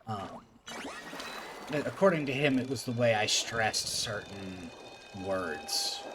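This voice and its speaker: A man's voice: fairly low pitch, expressive, slow pace. Male streamer, faint country twang, meandering chatty delivery, noisy background. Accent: faint rural Appalachian. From Appalachia, USA. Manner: rambling storytelling with many fillers. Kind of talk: casual chat while gaming.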